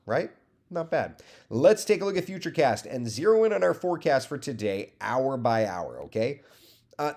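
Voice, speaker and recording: A man's voice: medium pitch, a little mellow. A man who works as a TV meteorologist, giving a casual live weather update and chatting in a friendly way as he greets viewers by name. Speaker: TV meteorologist hosting a morning weather stream.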